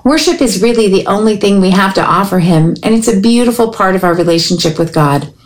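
Female host for a church program's closing; even, read-from-script delivery at a mid pitch. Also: fairly quick. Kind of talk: scripted radio outro.

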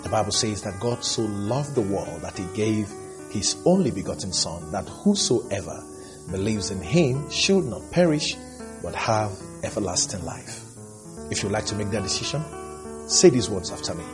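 A man with a fairly low voice closes the program with an earnest prayer invitation. His intonation rises and falls in a lively way. Guitar music plays clearly behind him. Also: moderate pace. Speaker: program host leading a prayer.

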